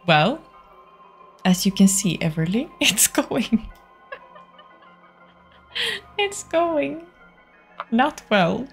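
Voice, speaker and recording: A woman's voice: medium pitch, expressive, slow pace, gravelly, faint music behind. A young woman from Finland with a Finnish accent, chatting through a horror game stream, jumpy and often dropping to a whisper. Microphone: desktop studio mic.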